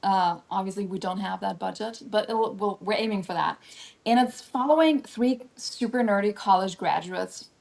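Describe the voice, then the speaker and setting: A woman with a non-American accent answering interview questions as an actor guest. She explains things at length in a thoughtful way, her voice sitting at an ordinary mid pitch. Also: moderate pace, gravelly, darkish tone.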